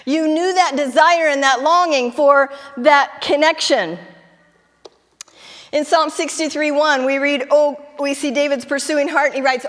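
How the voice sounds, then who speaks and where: A woman's voice: high-pitched, fairly even intonation, a little slow, fairly bright tone, long reverb tail. A middle-aged woman pastor preaching a sermon, chatty at times, then building to fervent emphasis. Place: church sanctuary.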